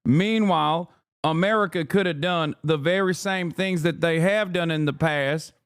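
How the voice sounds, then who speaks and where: A man's voice: high voice, clean tone. Profane combative streamer man. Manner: profane, combative rants at chat. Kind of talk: live-stream political commentary.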